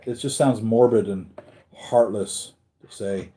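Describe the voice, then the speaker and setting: A man's voice: fairly low pitch, unhurried, mellow. A man hosting a casual live stream about collectible figures, rambling and thinking aloud as he answers viewer comments. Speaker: collectibles channel host.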